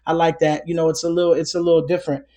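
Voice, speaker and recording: Male guest, high voice, loose rambling delivery full of fillers. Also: little pitch movement, racing, noisy background. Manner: rambling, heavy on fillers and restarts. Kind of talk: casual conversation.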